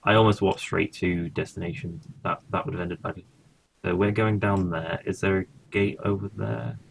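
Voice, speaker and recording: A man's voice: deep voice, steady tone, moderate pace, vocal fry, slightly rough. A man casually commentating his own gameplay, thinking aloud and swearing now and then. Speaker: gaming streamer.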